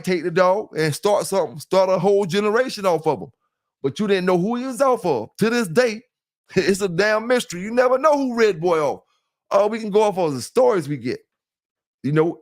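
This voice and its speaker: This is casual livestream talk from a high-voiced, chatty Southern man from South Carolina. Loose in his manner, he greets those in chat and keeps tossing in "you know what I'm saying."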